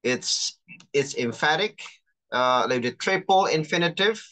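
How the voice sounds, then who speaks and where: A chaplain teaching an online class, patiently explaining and reading out terms slowly over a video call. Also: mid-range voice, animated, fairly bright tone. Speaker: chaplain and lecturer.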